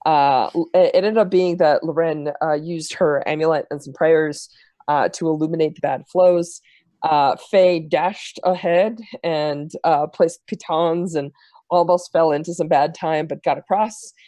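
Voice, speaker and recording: A man serving as game master, recapping the last tabletop session in a halting, filler-heavy way. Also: on the high side, steady tone, warm tone, no echo.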